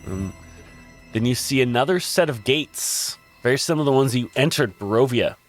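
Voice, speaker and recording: A man narrates a tabletop game as dungeon master in a mid-range voice. His delivery is halting, with pauses and restarts as he describes the scene. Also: medium pitch, animated, soft background music. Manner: halting, full of ums and restarts.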